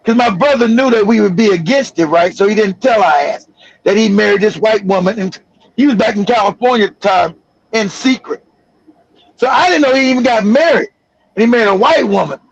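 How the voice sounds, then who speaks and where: A man hosting a livestream, telling a story in an animated, profane and laughing way. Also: high-pitched, fairly quick, gravelly, slightly rough, muffled recording. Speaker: livestream host. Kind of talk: casual storytelling.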